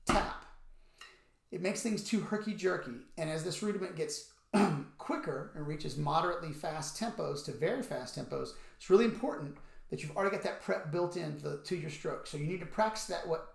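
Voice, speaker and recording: A man's voice: on the high side, creaky. A man teaching a drum lesson, explaining the technique and calling out strokes and counts aloud as he plays. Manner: calls out strokes and counts aloud while playing. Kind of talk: instructional demonstration. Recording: roomy echo with loud stick clicks on a practice pad.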